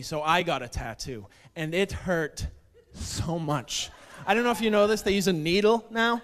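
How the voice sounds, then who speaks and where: A man doing a stand-up comedy set on a club stage, deadpan and self-deprecating, slipping into mock quotes. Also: a little high. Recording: club stage with long reverb, faint noise.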